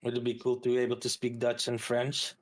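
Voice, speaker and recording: A man's voice: mid-range voice, completely flat delivery, a little fast. A man with a Flemish Belgian accent chatting casually as a streamer host, rambling and hesitating as he goes.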